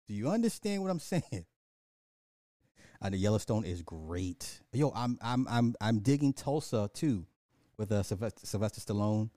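A man's voice: lowish voice, very animated, normal speed, warm tone, no room sound, clean studio sound. A man hosting a casual livestream, ranting profanely and animatedly, laughing and talking to his chat. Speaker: livestream host.

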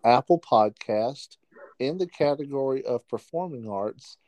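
A man's voice: mid-range voice, animated, measured pace, a little mellow, dry recording, rough recording. A man co-hosting a podcast over the phone, rambling hesitantly with many fillers. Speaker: podcast co-host calling in. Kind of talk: casual chat.

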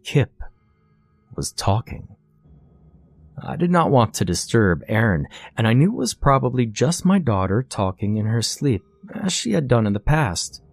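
A man narrating a first-person horror story in a measured, expressive storytelling manner. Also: fairly low pitch, dry recording.

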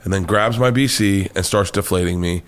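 An American man, a comedian guest, telling a wild story with lots of swearing and high-pitched acted-out quotes. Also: fairly quick. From United States. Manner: excitable, swears freely, acts out quotes in a high voice. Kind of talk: animated storytelling.

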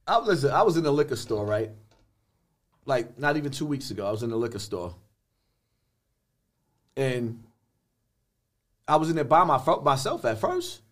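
A man's voice: medium pitch, sing-song, moderate pace, pauses often, a bit bright. An older man, a podcast guest talking bluntly in street slang with many restarts. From the Bronx, New York. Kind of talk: podcast interview.

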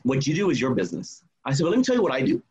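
A man's voice: mid-range voice, racing, slightly rough, dull audio. A man telling a personal story in a casual way, acting out what each person said. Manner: animated, acts out quoted dialogue.

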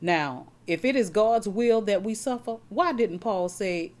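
A woman's voice: medium pitch, a little slow, darkish tone. Woman preacher, folksy, often stumbles on repeated words, keeps turning to her congregation. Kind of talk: sermon.

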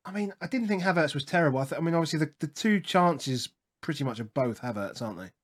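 A man's voice: on the high side, animated, fast. A man co-hosting a casual football podcast, often hesitating and trailing off mid-sentence. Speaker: podcast co-host.

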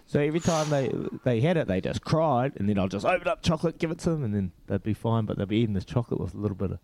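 Lively New Zealand man, chatty host. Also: mid-range voice, very fast, creaky, a little hiss or hum. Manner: laughs often, animated storytelling. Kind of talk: casual chat.

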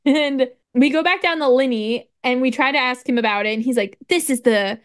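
A woman co-hosting a podcast, casually recapping a story with lively retellings, frequent "like", casual swearing and laughter. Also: sits high, fairly quick. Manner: animated storytelling, acts out dialogue, frequent "like". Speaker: podcast co-host. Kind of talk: casual chat recapping a video game story.

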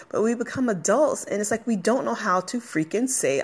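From her workplace, with a dog barking close by, this podcast host chats casually and motivationally, sounding emotional and encouraging while rambling somewhat. She has a mid-range voice, a moderate pace, and hardly any pauses.

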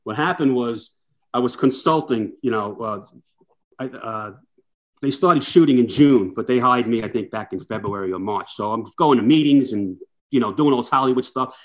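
Man, middle-aged, firefighter, lively anecdotes, acts out dialogue, average pitch. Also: normal speed. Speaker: guest, firefighter. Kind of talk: casual storytelling chat.

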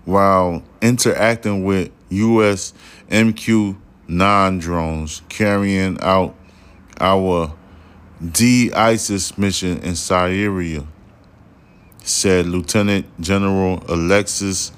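A low-pitched man on his podcast, talking slowly and a little slurred as if tipsy. He rants in a loose, profane way and drags out his words. His voice jumps up sharply when he gets heated. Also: steady tone, smooth. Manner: loud swearing rants, slurred speech. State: slightly drunk. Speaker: podcast host. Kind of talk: casual ranting commentary. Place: studio room behind glass.

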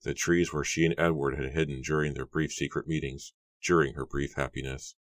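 A man's voice: rumbling low, flat delivery, fairly quick, no room sound, studio quality. A man narrating an audiobook with an intense, emotional delivery. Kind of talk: dramatic audiobook reading.

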